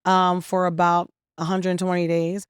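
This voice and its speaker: A woman who founded and owns a restaurant, telling her story in an interview. She is lively, acts out the voices she quotes and uses many "um"s. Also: fairly low pitch, a little slow, smooth, no room sound, clean studio sound. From New York and New Jersey area. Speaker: restaurant owner and founder, guest.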